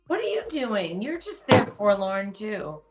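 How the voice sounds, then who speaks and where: A woman's voice: mid-range voice, sing-song, a little slow, over music. A woman co-hosts a casual chat in a mid-range voice. She talks hesitantly, putting herself down and trailing off before finishing her thoughts. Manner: self-deprecating, hesitant, trailing off. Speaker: co-host.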